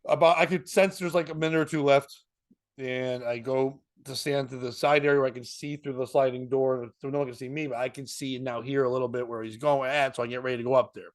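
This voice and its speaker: Talking fast in a steady, mid-range voice, this man, a comedian and podcast host, relaxedly tells a story while laughing, swearing freely and performing other people's lines.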